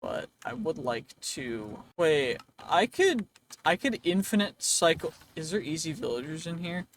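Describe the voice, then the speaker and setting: A man's voice: on the high side, sing-song, a little slow, slight background noise. A man giving casual, rambling gameplay commentary, joking and talking to game characters, his voice wearing out. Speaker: gaming video creator.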